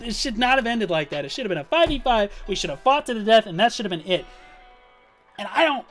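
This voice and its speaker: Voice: mid-range voice, fairly bright tone. Profane, heated gaming guild leader ranting. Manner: profane, heated and emphatic, with frequent "like" and "um". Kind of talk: live-stream storytelling rant.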